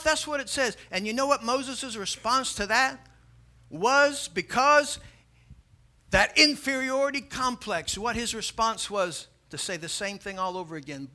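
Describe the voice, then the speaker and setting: A man's voice: very high voice, very animated, a little slow, pushed and bright. A man preaching a sermon emphatically, building his volume and telling jokes.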